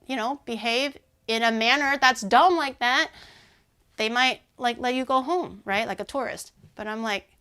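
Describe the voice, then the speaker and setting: A woman streaming and chatting casually with her audience, rambling with lots of "like" and sounding animated and indignant. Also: a little high, moderate pace, clean tone.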